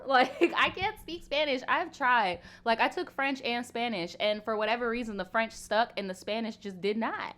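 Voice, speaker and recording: A woman's voice: on the high side, expressive, normal speed, few pauses, a bit bright. A young woman in her twenties hosting a casual live Q&A stream, talking frankly with lots of fillers and swearing. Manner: chatty, frank, swears casually, many "like"s and laughs. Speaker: livestream host.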